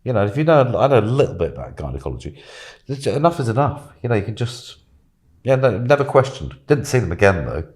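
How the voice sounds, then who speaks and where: A man's voice: fairly low pitch, sing-song, fast, darkish tone. A man and podcast guest telling a casual, rambling story, chuckling and dropping plenty of "you know"s.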